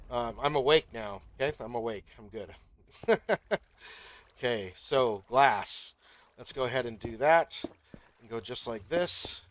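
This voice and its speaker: A man's voice: mid-range voice, fairly bright tone, slight background noise. A man hosting a gaming channel, talking the viewer through each step as he plays in casual commentary.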